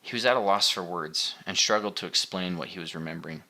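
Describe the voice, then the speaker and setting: This is scripted audiobook narration by a man with a deep voice, delivered at an even, measured pace.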